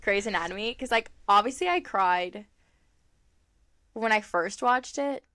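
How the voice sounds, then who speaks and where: A woman's voice: medium pitch, a little slow, bright, forceful tone. A young woman co-hosting a podcast in casual chat, rambling with lots of fillers and frequent laughs. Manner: chatty, rambling, laughs often, many fillers. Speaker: podcast co-host.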